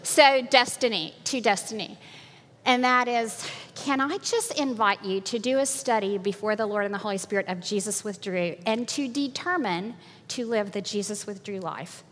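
A woman's voice: medium pitch, moderate pace, a bit bright. An older woman giving an earnest, sermon-style talk with slides, telling stories with a laugh, in a hall with long reverb. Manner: earnest, preachy storytelling with laughs.

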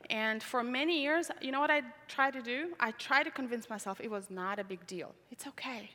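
A woman's voice: a little high, brisk, pushed and bright. A woman from Tajikistan, speaking English as a second language, telling a personal testimony in an earnest storytelling way, repeating words for emphasis. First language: not English. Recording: reverberant large hall.

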